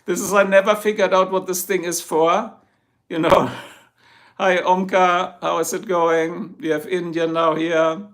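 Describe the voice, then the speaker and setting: Gravelly German man hosting a live chat. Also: sits high, flat delivery, measured pace, a bit bright. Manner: chatty, joking, greets viewers by name. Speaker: livestream host. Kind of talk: casual live chat reading comments. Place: home in Ohio.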